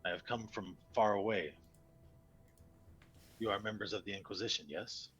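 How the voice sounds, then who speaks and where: A man voicing a formal, measured cleric from a distant land. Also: fairly low pitch, a bit bright, a little hiss or hum, natural voice. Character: grave middle-aged male cleric, formal and measured.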